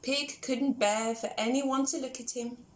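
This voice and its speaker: A woman reading a children's story aloud in an animated way, asking the listener questions. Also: sits high, a little slow. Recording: echoey room.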